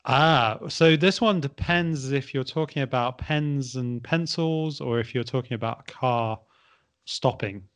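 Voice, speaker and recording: A man who teaches English, chatting casually and spelling words out in a measured way. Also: medium pitch. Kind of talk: casual conversation.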